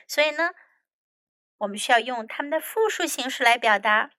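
A woman English teacher reading a children's story aloud and then teaching words from it, slowly and carefully. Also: on the high side, fairly bright tone, dry recording.

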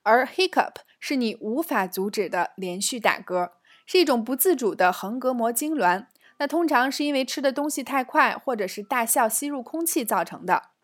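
High-voiced woman teaching phrases. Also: animated. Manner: reads dialogues slowly, then explains in Chinese. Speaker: English teacher. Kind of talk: scripted English lesson.

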